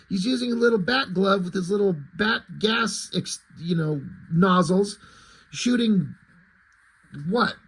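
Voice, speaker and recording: A man's voice: sits high, fairly bright tone, husky, rough recording. A man reviewing a comic book in casual commentary, sarcastic and profane, with frequent asides.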